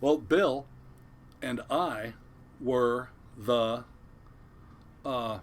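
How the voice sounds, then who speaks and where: Older retired fisherman, guest storyteller, lively yarn-spinner who acts out voices, even-pitched man's voice. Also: drawn-out words. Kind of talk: casual storytelling.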